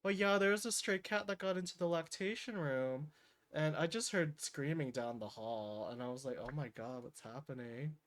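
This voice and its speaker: A man's voice: on the high side, animated, normal speed, fairly bright tone. Young guy streaming, chill rambly storytelling, lots of likes and ums. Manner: rambling, laid-back storytelling with many fillers. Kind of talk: casual livestream chat.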